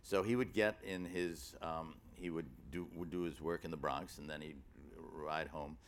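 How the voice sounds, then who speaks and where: A man from New York talking onstage as an author, rambling through stories in halting bursts full of fillers and restarts, with a wry edge. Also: a bass voice, steady tone, a little hiss or hum. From New York City. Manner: wry storyteller. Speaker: author in a public conversation. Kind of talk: live onstage conversation.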